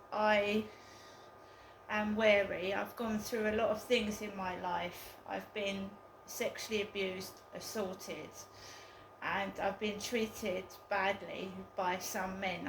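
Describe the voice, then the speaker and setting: A woman's voice: medium pitch, steady tone, creaky, reverberant, noisy background. A woman telling a story in a casual vlog, hesitant and full of ums. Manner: slow, hesitant, with many ums. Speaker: vlogger.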